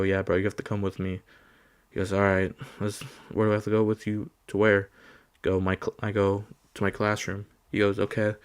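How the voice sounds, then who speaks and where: Slow-talking young man telling a story. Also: lowish voice. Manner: laughs often while telling, acts out quoted lines. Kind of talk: casual storytime.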